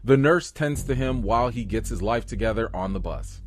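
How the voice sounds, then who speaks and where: A man hosting a casual recap of a TV series, talking in an animated, excitable way with joking asides. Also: on the low side, normal speed, slight background noise. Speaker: show recap host.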